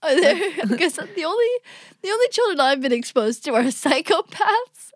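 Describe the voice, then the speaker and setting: A woman's voice: very high voice, sing-song, moderate pace, no room sound, studio quality. A young woman co-hosting a podcast with her mother, talking in a wry, teasing way and laughing often. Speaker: podcast co-host, daughter. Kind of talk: casual chat.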